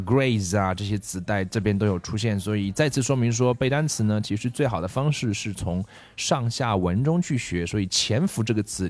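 A man's voice: on the low side, no echo. A man teaching English vocabulary from a fable, explaining words and then reading the story aloud. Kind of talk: bilingual lesson with read-aloud story.

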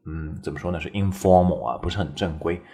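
A man's voice: deep voice, steady tone, fast talker, warm tone, breathy edge. A man teaching English in a casual, chatty way, constantly checking in with the listener. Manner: chatty, keeps tagging "right?" and laughing. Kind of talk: casual explanatory lesson.

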